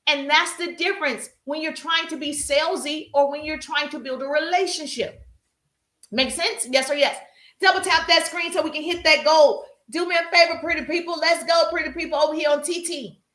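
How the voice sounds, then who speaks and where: Woman live-stream coach, high bright voice, emphatic and repetitive, in an echoey room. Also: moderate pace. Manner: emphatic, repetitive, calls viewers "baby" and "pretty people", acts out viewers' voices. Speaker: social media coach hosting a live stream. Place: livestream while working out.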